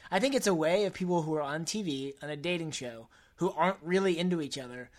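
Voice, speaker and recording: A woman's voice: low voice, fast talker. A woman from the Midwest co-hosting a casual chat, dry and skeptical. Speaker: podcast co-host. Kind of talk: casual chat recapping a dating show.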